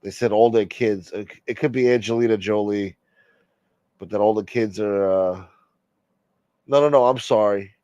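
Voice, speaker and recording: A man's voice: lowish voice, moderate pace, long pauses, mellow, no echo, lo-fi sound. A man hosting a casual live-stream chat, rambling, profane and opinionated. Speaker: livestream host.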